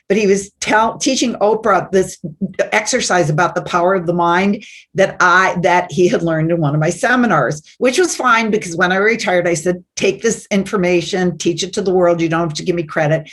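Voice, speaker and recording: A woman guest telling a personal story in an animated way, acting out the voices she quotes. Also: lowish voice, a little fast. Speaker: guest, success teacher.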